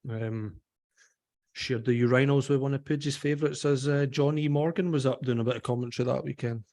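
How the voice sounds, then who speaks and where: A man's voice: mid-range voice, steady tone, brisk, darkish tone. A man, co-hosting a golf podcast and telling joking stories in casual chat. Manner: joking storyteller. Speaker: co-host, golf professional.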